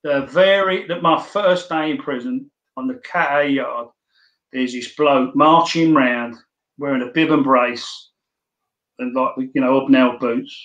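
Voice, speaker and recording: A middle-aged man tells his story plainly and bluntly, swearing freely and tripping over repeated words. His voice sits at an average pitch for a man. The room around him is roomy and echoing. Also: fairly bright tone. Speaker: interview guest. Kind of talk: casual storytelling. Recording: echoey room.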